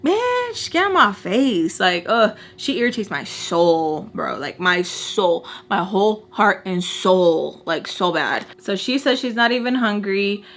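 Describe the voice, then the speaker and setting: A woman vlogger recounts a story in casual, animated chat. She is blunt, swears freely and mixes Spanish words into her English. Her voice is bright and sharp. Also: mid-range voice, unhurried, hardly any pauses.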